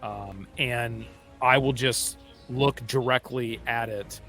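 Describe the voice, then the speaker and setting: A man's voice: mid-range voice, steady tone, takes it slowly, pushed and bright, soft background music. A man playing in a tabletop game, thinking aloud hesitantly as he explains what his character does. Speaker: player.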